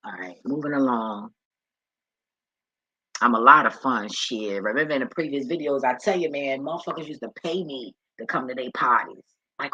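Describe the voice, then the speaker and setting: A woman's voice: extremely low pitch, brisk, fairly bright tone, slightly rough, dull audio. A woman talking casually to camera, telling stories in blunt, profane street talk and often breaking into laughter. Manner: acts out others' voices in quoted asides. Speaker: vlogger. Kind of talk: casual storytelling monologue.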